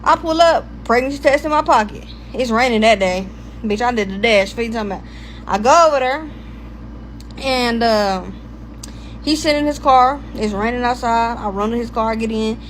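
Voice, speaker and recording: A young woman with a high voice tells a personal story straight to her audience. Her delivery is loose and full of swearing, and she drifts off track and asks herself where she was. There is a faint hiss under her voice. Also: normal speed, poor audio. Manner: profane, rambling, loses her place. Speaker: storytime vlogger. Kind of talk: casual storytime monologue.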